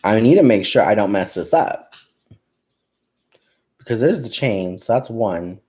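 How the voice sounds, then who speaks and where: A man's voice: fairly low pitch, lively intonation, a little slow, dark tone. A young man hosting a casual crafting livestream, telling stories with lots of laughs, talking to his viewers as "you guys" and "y'all", and counting stitches aloud as he crochets. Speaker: crafting channel host.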